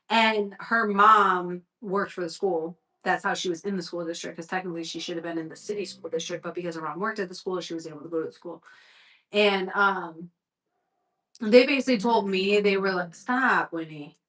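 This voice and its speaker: A young woman on a livestream, telling a story from her own life in loose, candid chat. Her voice is bright and forward, and she swears freely and says "like" constantly. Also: medium pitch.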